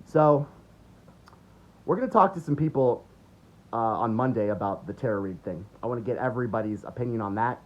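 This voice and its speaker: A man's voice: mid-range voice, a little fast, long pauses. A man delivering an angry, mocking political rant full of swearing. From United States. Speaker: political commentator. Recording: dull lo-fi recording.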